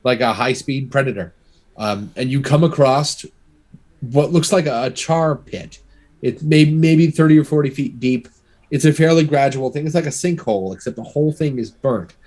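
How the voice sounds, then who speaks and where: A man's voice: medium pitch, moderate pace. A man narrating as game master, talking loosely with many restarts and fillers. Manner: relaxed, filler-heavy narration with frequent restarts.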